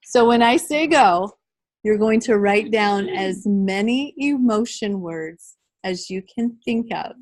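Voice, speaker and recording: A woman's voice: medium pitch, expressive, slow, a little mellow, low-quality recording. A middle-aged woman leading a live training workshop, talking conversationally and addressing the group directly.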